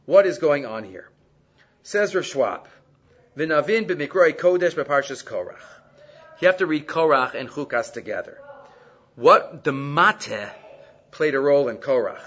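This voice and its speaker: A man giving a Torah class, reading Hebrew quotes and explaining them in English with animated emphasis. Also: on the high side, measured pace, pauses often, highs cut off. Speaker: Torah teacher.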